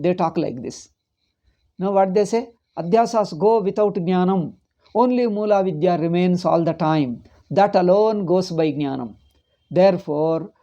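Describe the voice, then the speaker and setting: A man's voice: high-pitched, warm tone. A man, teaching a scripture class and explaining patiently, with many repeats and Sanskrit terms. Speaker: Vedanta teacher.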